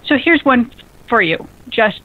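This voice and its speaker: A woman hosts a radio talk show, excitable and bubbly, often breaking into laughter. Her voice sits a little high and comes through lo-fi, phone-like radio audio. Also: unhurried. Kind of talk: casual radio chat.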